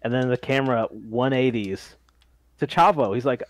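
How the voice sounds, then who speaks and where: A man's voice: mid-range voice, normal speed, no room sound. A man co-hosting a casual podcast, recapping wrestling in a matter-of-fact way with short, dry replies. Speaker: podcast co-host.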